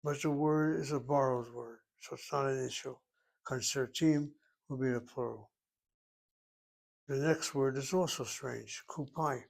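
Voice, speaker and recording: Male language teacher, unhurried, reasons through grammar points aloud. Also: medium pitch, steady tone, vocal fry, a little mellow. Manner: thinks aloud, deliberate, explains step by step. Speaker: Hebrew teacher. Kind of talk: classroom grammar lecture.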